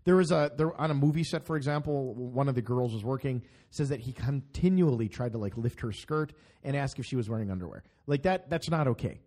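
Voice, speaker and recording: A man's voice: medium pitch, a little fast, few pauses, dark tone. A man co-hosting a podcast, chatting casually with friends, joking around with lots of fillers and restarts. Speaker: podcast co-host. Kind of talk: casual chat.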